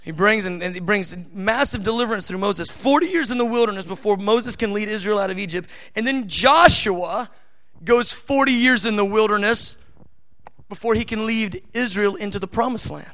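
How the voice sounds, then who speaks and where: A man's voice: high-pitched, pushed and bright. A man preaching a live sermon, speaking emphatically and talking directly to his listeners. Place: church service with family present.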